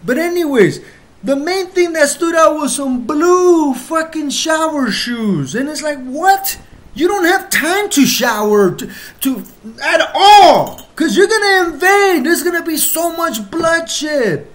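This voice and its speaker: A channel host talking straight to viewers in an emotional, heated monologue, full of profanity, with sudden loud outbursts and slow, stressed lines. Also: high voice, animated.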